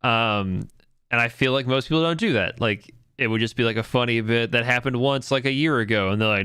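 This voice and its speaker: Bright, clear-voiced rambling man. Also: mid-range voice, a little fast, no room sound, clean studio sound. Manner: rambling, lots of fillers and "like"; profane, enthusiastic. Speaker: podcast co-host. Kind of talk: casual chat.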